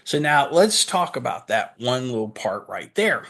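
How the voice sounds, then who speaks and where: A male pastor preaches a sermon in an earnest, mid-range voice with big swings in pitch, a slightly slow pace, and a fairly bright tone. He reads scripture aloud, pauses to explain it, and poses questions he then answers himself.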